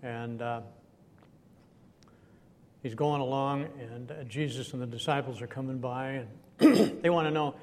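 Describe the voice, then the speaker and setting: Male preacher, mid-pitched, chatty teaching sermon, recorded in a reverberant hall. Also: measured pace, long pauses, darkish tone. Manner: chatty, asks the audience questions, chuckles now and then. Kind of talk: conversational sermon. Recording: echoey hall with faint rumble.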